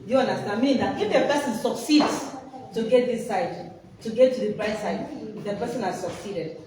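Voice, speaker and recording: Her voice is fairly high and her pace moderate as she presents a workshop, prompting the audience to fill in the blanks. This interactive lesson comes through an echoey hall and a distant microphone, with background noise audible.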